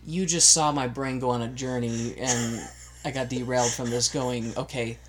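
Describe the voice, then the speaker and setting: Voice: mid-range voice, fairly even intonation, moderate pace, noisy background. A podcast co-host chatting casually, wandering off on tangents and restarting sentences partway through. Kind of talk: casual chat.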